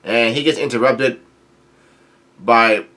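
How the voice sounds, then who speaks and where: A man's voice: mid-range voice, takes it slowly, bright, forceful tone. A man casually talking through a comic chapter, rambling and chuckling, with many filler sounds and restarts. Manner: chuckles often while talking. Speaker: manga chapter reviewer.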